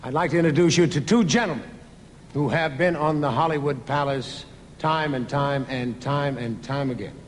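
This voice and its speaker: A man's voice: a little high, steady tone, normal speed, slight background noise. A man hosting a 1960s TV variety show, easygoing and slipping jokes into his announcements. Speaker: show host. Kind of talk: 1960s TV variety host patter. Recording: long theater reverb, audience and band behind.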